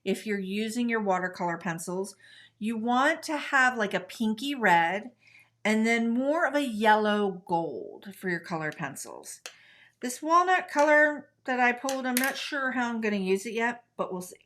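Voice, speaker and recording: A woman's voice: on the high side, lively intonation, moderate pace, a bit bright. Middle-aged American woman hosting a live craft stream, friendly running commentary while she works. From United States. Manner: chatty, talks to viewers while coloring. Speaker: craft tutorial host.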